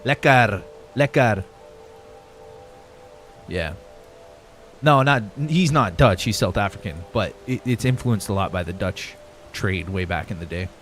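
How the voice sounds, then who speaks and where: Over faint background music, a young man streams gameplay and reads viewer messages in an expressive, low-sitting voice at a moderate pace. His chat is loose, full of casual swearing and frequent laughter.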